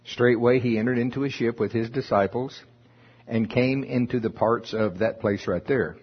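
Male preacher, husky voice, folksy scripture teaching with chuckling asides; slightly muffled recording. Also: mid-range voice, normal speed. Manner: reads scripture aloud then explains it with chuckles and asides.

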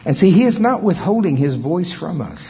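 A middle-aged male pastor preaching a sermon, folksy and storytelling, with chuckles and hushed dramatic pauses. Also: sits high, big pitch swings, husky. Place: large auditorium. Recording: dull, long-reverb hall sound.

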